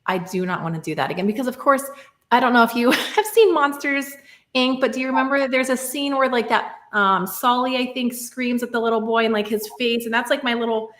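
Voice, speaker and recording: A woman in her thirties, appearing as a podcast guest, reflects casually on a personal story, sprinkling in lots of "like" and "right?". Her fairly high voice is brisk and a bit bright, and the sound is roomy.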